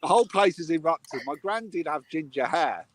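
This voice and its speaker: A man's voice: a little high, animated, moderate pace, very noisy. A man, a medium, telling a funny family story in casual chat on a live video call. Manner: chatty, laughs at his own stories. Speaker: medium, co-host.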